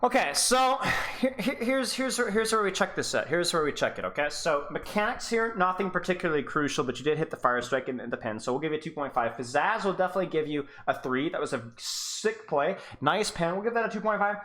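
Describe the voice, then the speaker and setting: A man's voice: a little high, animated, brisk, hardly any pauses, bright, forceful tone. A man coaching players on a live stream, rambling and sarcastic as he rates game clips and keeps interrupting himself. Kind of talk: live-stream clip review.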